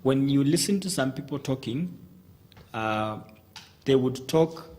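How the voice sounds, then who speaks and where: A man's voice: medium pitch, expressive, a little slow, a little mellow. Guy coaching on communication in a tv studio, goes point by point, lots of restarts. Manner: methodical, lists points, frequent restarts. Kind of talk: studio advice talk.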